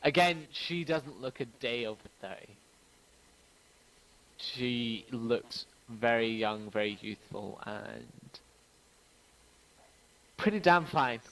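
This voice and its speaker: Man, game master, casual narration, joking asides, middle pitch. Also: slow, creaky, fairly bright tone, rough recording.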